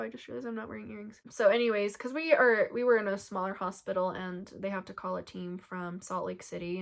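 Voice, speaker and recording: A young woman telling her birth story to camera in a chatty, emotional way, full of filler words. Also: medium pitch.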